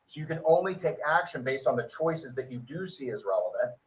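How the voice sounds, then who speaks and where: A man's voice: medium pitch, expressive, a little fast, recorded from a distance, poor audio. A man giving a motivational network marketing training in a preachy coaching manner. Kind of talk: recorded training talk.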